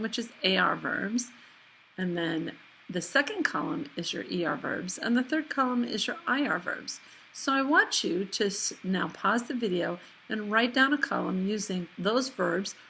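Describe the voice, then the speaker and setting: A woman teaching a recorded lesson over slides, explaining patiently and slowing down for examples. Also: medium pitch, creaky, bright, forceful tone, a little hiss or hum. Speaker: Spanish teacher.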